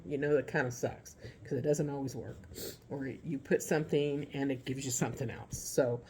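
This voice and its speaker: A woman giving a casual, heartfelt vlog update from home about caring for her father, talking haltingly with many restarts, teary at times. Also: extremely low pitch, steady tone, a little mellow, slightly rough.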